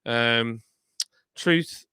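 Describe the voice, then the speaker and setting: A man's voice: medium pitch, extremely slow, bright, forceful tone, clean tone, no room sound, clean studio sound. A tired man, streaming live and reading viewer comments aloud in a rambling, self-deprecating, chatty way.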